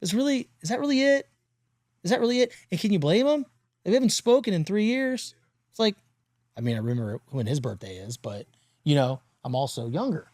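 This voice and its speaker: A man in his forties hosts a casual interview podcast, his voice sitting a little high for a man. He tells personal stories with animated energy and drops curse words freely. The sound is dry and close, with no room around it. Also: fairly quick, no echo. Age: 40s. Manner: animated storyteller, swears freely. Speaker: podcast host.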